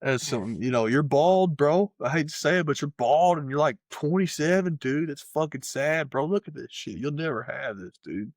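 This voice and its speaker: A man's voice: fairly high pitch, animated, moderate pace, hardly any pauses, no room sound, studio quality. A man co-hosting a podcast, ranting heatedly in casual chat and swearing constantly. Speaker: podcast co-host.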